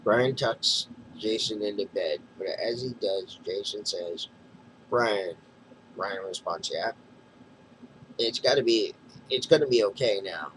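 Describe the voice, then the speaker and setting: A man with a somewhat low voice walks through a comic issue, reading narration boxes and speech bubbles aloud. He stumbles and restarts now and then. A faint background hum sits under the recording. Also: measured pace, a bit bright, low-quality recording. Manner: recounting panels in plain retelling, with mumbled restarts. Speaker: comic book reviewer.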